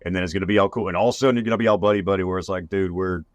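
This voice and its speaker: A man's voice: low-pitched, steady tone, rapid-fire, dry recording. A man hosting a podcast, talking in a laid-back way, swearing freely and voicing the quotes. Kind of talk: casual podcast chat.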